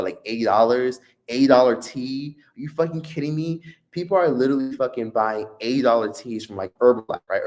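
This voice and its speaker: A man hosting a live stream, telling a profane, animated story in a casual rant. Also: mid-range voice. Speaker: streamer host. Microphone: streaming mic.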